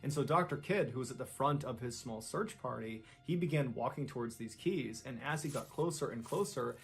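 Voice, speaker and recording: A man tells a true-crime story with a gravelly, fry-edged voice at an ordinary pitch. He builds suspense as he goes and acts out what people said. Faint music plays underneath. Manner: dramatic, suspenseful retelling with quoted lines. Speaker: narrator.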